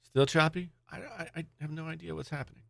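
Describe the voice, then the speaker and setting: A man talks on a casual live tech stream, rambling and distracted as he speaks to his chat. His voice is gravelly and the sound is dry and close. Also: a little high, fairly even intonation, quick pace, fairly bright tone, dry recording. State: angry.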